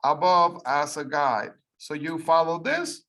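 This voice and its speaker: A teacher whose first language is Spanish talks through an English lesson at an unhurried pace. Each instruction is repeated and each point is laid out patiently, one step at a time. The voice has a clear, bright edge. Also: medium pitch. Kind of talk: ESL lesson, reading aloud for repetition.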